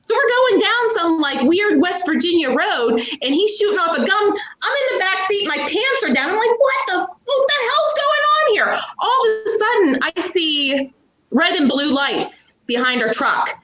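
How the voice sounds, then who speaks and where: A young adult woman from Pittsburgh, a guest author telling a story in a lively, laughing way. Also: very high-pitched, moderate pace, over a noisy crowd. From Pittsburgh, USA. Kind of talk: casual storytelling. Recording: echoey room.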